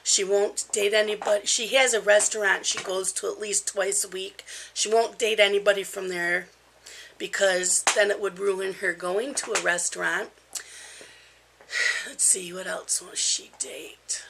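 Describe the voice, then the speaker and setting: A woman's voice: medium pitch, fairly even intonation, a little slow, gravelly, a bit bright, a little hiss or hum. A woman in her fifties chatting casually at home in a rambling vlog, with frequent ums. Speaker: crafting vlogger.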